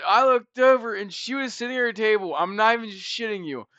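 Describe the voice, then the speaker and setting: A young man co-hosting a podcast, telling stories in a loud, animated, profane way. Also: high-pitched, brisk, hardly any pauses, no echo. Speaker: podcast co-host. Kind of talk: casual chat. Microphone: podcast mic.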